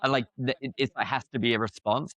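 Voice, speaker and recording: A young English man, a podcast guest, chatting casually with laughing asides and quick restarts. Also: mid-range voice, steady tone, a bit bright, dry recording. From England. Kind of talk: casual interview chat.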